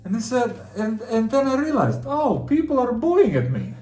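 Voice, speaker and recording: A man voicing a male comedian with a strong Romanian accent, in a high, halting storytelling voice. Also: wildly swooping pitch, warm tone, heavily acted. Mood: bewildered storytelling. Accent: Romanian, as put on. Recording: roomy room with faint music.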